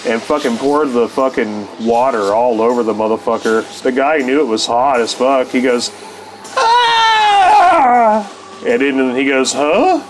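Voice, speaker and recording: A man's voice: medium pitch, low-quality recording. A man telling a story as a podcast host, with loose, rambling, heavily profane casual talk and frequent laughs.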